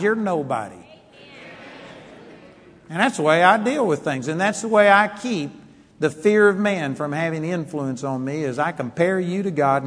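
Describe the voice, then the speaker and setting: Guy preaching hard, kinda high voice, big echoey hall. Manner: emphatic, storytelling, swings from quiet to loud. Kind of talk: sermon.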